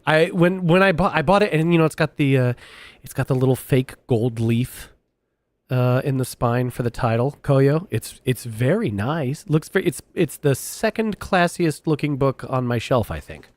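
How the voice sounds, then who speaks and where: A man's voice: mid-range voice, moderate pace, darkish tone, no room sound. A man hosting a live stream in casual chat, rambling, restarting his sentences and laughing often. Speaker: streamer host.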